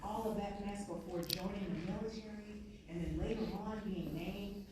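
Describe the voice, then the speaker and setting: A woman's voice: medium pitch, fairly even intonation, normal speed, noisy background. A woman giving an earnest, story-driven motivational speech to an audience in a large conference room. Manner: earnest, storytelling, repeats points. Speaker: keynote speaker. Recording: echoey hall from far off.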